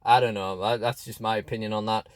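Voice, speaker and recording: A man's voice: lowish voice, steady tone, quick pace, no room sound. A man chatting casually through a toy unboxing review, rambling with fillers and restarts, recorded close and dry.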